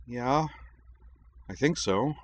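A man voicing an excitable young schoolgirl, speaking higher than his own voice in rushed, alarmed questions.

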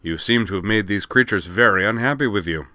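A man's voice: on the low side, brisk, bright, forceful tone, dry recording, clean studio sound. A man voicing a huge alien warrior professor who speaks amiably and formally. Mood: amiable formal.

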